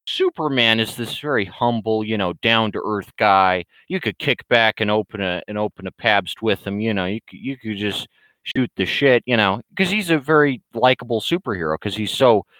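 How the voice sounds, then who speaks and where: A man's voice: on the low side, a bit bright, dry recording, low-quality recording. A man ranting casually to camera, blunt and rambling, with many restarts and fillers. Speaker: vlogger. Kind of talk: casual opinionated rant.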